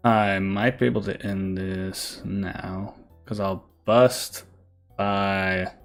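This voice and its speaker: Low gravelly man, casual gaming commentary. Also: little pitch movement, takes it slowly, soft background music. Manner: thinks aloud, reads card text, many fillers. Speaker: gaming streamer.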